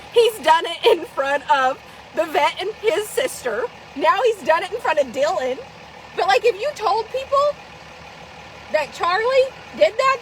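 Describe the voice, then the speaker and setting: A woman vlogging live in casual chat, swearing freely and laughing often as she tells animated stories. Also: very high voice, slight background noise, low-quality recording.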